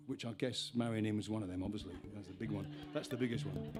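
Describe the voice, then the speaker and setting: A man's voice: mid-range voice, fast, hardly any pauses, over music. Rambling man chatting on stage. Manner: chatty, meandering, self-interrupting. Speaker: folk singer-songwriter performing live. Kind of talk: rambling stage patter between songs. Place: live music venue on stage. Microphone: stage vocal mic with monitor.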